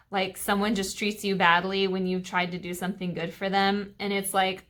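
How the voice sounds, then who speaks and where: A woman's voice: mid-range voice, steady tone, normal speed, fairly bright tone. A woman teaching a Sabbath school lesson to kids, retelling a Bible story in a chatty way with fillers and asides.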